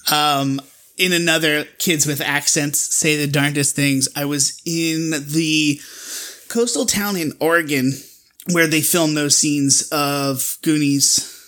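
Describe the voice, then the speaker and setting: A co-host trades stories in casual podcast chat. The delivery is animated and joking, full of quick reactions, and the voice sits in a middle pitch range.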